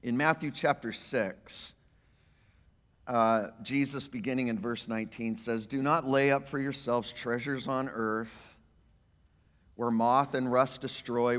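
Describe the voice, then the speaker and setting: A male pastor, preaching a sermon in an emphatic, animated way and voicing the quotes he reads. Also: medium pitch. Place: church sanctuary. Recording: church hall reverb.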